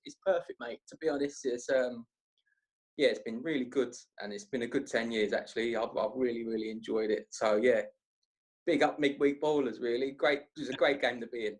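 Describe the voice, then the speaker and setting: Chatty young man telling stories. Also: medium pitch. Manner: rambling, animated, slangy storyteller. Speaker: podcast guest. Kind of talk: casual storytelling chat.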